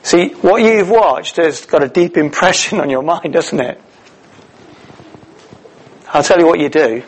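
A middle-aged man preaching a sermon, telling the story in a lively way with many "uh"s and restarts. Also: on the high side, a little slow, low-quality recording. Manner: animated storytelling with many fillers.

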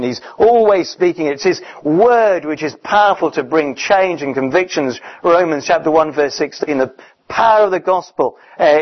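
Emphatic man preaching a sermon. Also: a little high. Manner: conversational, emphatic, frequent fillers. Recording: dull, muffled recording.

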